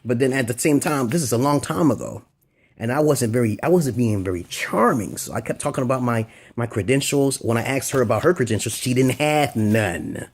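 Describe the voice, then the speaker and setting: A man's voice: mid-range voice, animated, brisk. A man vlogging crude dating advice in a rambling, unscripted monologue, bluntly checking in with "okay?".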